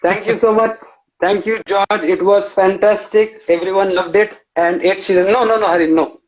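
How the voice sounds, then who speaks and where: A man with a fairly high voice hosts a live-stream interview, chatting casually and informally. He strings his thoughts together with fillers and restarts. The sound comes over a live video call. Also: fairly even intonation, moderate pace, rough recording. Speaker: interview host.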